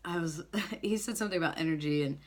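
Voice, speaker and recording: A woman worship leader giving a casual church announcement, bubbly and laughing often, repeating words when she gets excited. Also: low voice, fast.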